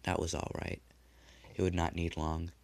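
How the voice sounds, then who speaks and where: A man narrating a dark horror story in a measured, hushed delivery. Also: deep voice, little pitch movement, gravelly. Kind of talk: dramatic horror story reading.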